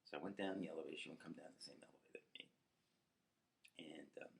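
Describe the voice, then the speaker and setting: A man's voice: very deep voice, fast, vocal fry. A man, hosting a rambling podcast monologue, ranting with profanity and frequent laughter. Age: 50s. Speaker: podcast host.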